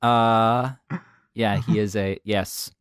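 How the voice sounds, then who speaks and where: A man co-hosting a casual review podcast, talking in a playful, animated way. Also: fairly low pitch, slow, smooth, no echo, clean studio sound. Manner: animated, playful, slips into mock voices. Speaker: podcast co-host. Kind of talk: casual anime review chat.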